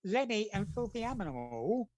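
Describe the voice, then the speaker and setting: A man's voice: high voice, very animated, moderate pace, darkish tone, low-quality recording. Chatty man telling stories. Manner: chatty, rambling storyteller acting out quotes. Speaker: comic artist guest. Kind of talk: casual anecdote telling.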